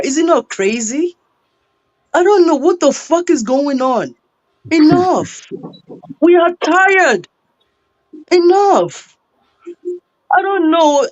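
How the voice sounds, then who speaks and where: A woman's voice: high voice, dry recording. A Yoruba Nigerian woman calling in, exasperated and fed up, swearing and repeating herself. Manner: fed-up, repetitive, profane. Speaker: caller. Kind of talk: exasperated call-in rant. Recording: dull lo-fi phone audio.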